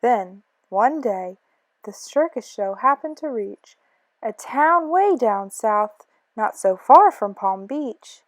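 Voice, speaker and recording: Slow, rhythmic woman reading a storybook. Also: fairly high pitch, no room sound. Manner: rhythmic, expressive rhyming delivery. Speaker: storybook reader. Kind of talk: children's book read-aloud.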